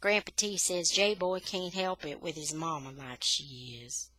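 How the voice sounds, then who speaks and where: A woman reading a children's novel aloud for English learners, with steady, expressive storytelling. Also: deep voice, unhurried, hardly any pauses, no echo.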